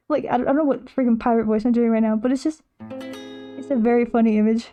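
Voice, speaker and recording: A young woman in a casual stream, chatting away to her chat while she doodles. Her voice sits fairly high but sounds soft and mellow, and she rambles along playfully, restarting her sentences as she goes. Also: steady tone, fast talker.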